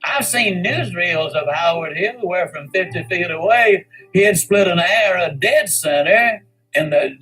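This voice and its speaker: A man giving a folksy storytelling speech as a motivational speaker, with dramatic pauses and boastful humor. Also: sits high, fairly bright tone, breathy edge, poor audio.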